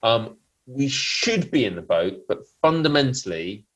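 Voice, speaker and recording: A middle-aged man co-hosting a comic podcast, delivering jokes in a deadpan, mock-serious way. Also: mid-range voice, a little slow, rough recording. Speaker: podcast co-host.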